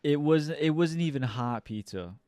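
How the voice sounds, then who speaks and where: A young man co-hosting a podcast, telling a story in a casual, profane, animated way. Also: fairly high pitch, normal speed, dry recording, clean studio sound. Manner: animated, profane storyteller who acts out quotes loudly. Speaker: podcast co-host.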